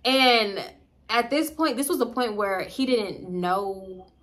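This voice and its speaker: A woman with a Southern US accent telling a casual storytime, slangy and profane, jumping in pitch as she acts out what others said. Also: takes it slowly. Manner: animated, acts out quoted dialogue with big pitch jumps; slangy, profane, addresses viewers as y'all. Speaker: storytime vlogger.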